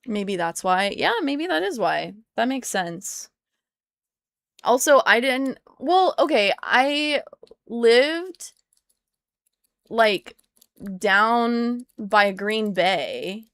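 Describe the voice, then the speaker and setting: A woman's voice: fairly high pitch, lively intonation, extremely slow, pauses often, fairly bright tone, no room sound. Playful American woman streaming, dry sound. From United States. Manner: playful, rambling, chatting to viewers while tinkering. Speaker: live streamer. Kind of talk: casual live stream chat.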